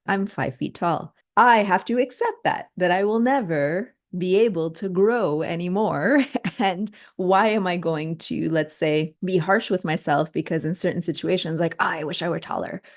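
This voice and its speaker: A woman with a notably low voice hosts a podcast conversation. She backs up her guest often and asks reflective follow-up questions. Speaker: podcast host.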